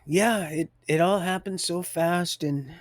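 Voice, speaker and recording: A man with a somewhat high voice tells a faith story on a live stream. He rambles, chuckles often in the middle of sentences and circles back over his own words. The sound is dry and close, with little room echo. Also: slow.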